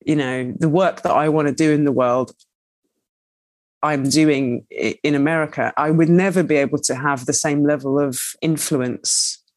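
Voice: mid-range voice, moderate pace, no echo. A guest, speaking candidly and expressively in conversation, with lots of "like" and asides. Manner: expressive, chatty, full of "like" and asides. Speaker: guest, writer and cook.

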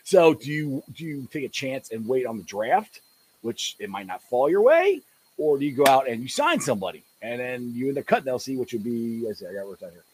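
A man hosting a casual live-streamed sports podcast, laughing often and getting loud when excited. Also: medium pitch, brisk, slight background noise, low-quality recording. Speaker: podcast host. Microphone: home desk mic.

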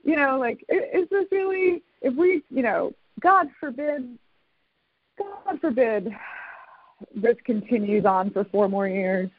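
A podcast host in casual conversation, talking haltingly with many fillers and restarts. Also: mid-range voice, animated, no room sound. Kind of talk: casual conversation over a call. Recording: tinny phone-like line, dry.

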